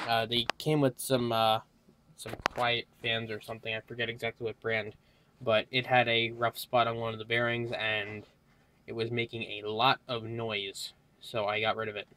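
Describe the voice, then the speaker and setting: A man's voice: mid-range voice, little pitch movement, a bit bright, slight background noise. Tired young man rambling about hardware. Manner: rambling, halting with many fillers. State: tired, yawning. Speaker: tech hobbyist vlogger. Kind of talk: casual hardware walkthrough.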